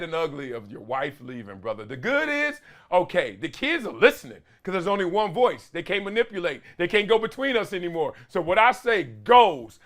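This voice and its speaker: Animated man hosting a talk show. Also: on the high side. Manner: animated storyteller with loud exclamations and slang. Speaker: show host; father and youth coach. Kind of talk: casual solo talk-show monologue.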